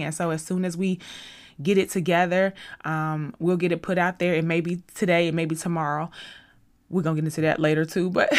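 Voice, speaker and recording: Woman, podcast host, casual faith talk, rambling and effusive, lowish pitch. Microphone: studio podcast mic.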